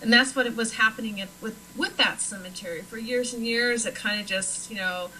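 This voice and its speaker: A woman's voice: on the high side, fairly quick, bright, forceful tone, a little hiss or hum, low-quality recording. A woman from Nebraska, a paranormal investigator, chatting casually on a talk show with plenty of fillers. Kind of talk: casual chat.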